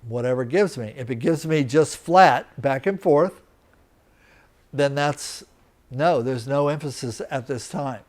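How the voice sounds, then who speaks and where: A man with a mid-range, darkish voice teaches a live lecture in a teaching center room. He explains things step by step, slowly and deliberately, and often checks that his students understand.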